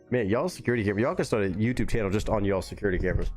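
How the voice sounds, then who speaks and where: A young man streaming live, reacting to clips and cracking crude, slangy jokes. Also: on the low side. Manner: crude, joking, slangy banter.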